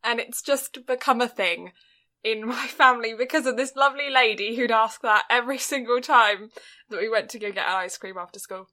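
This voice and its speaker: A British woman co-hosting a podcast, chatting casually and telling stories with quick asides. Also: on the high side, sharp tone. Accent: British English. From Britain. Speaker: podcast co-host.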